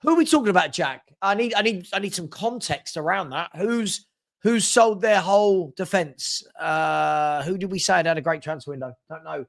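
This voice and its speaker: A man hosting a live football stream, chatty and teasing as he reads viewer comments and gives shout-outs. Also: high voice, expressive, normal speed, vocal fry. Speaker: host of a live football transfer show.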